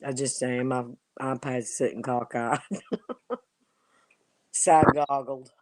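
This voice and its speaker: A woman chatting casually while crocheting on a live stream, relaxed and self-deprecating. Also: very deep voice, extremely slow, no echo. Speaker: crafter co-host.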